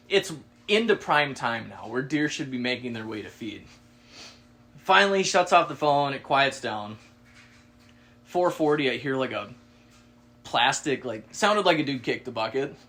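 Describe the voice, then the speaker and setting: Podcast co-host, man, casual animated storyteller, salty language, mimics the people he quotes. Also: mid-range voice, normal speed. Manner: animated, swearing, acts out quoted voices.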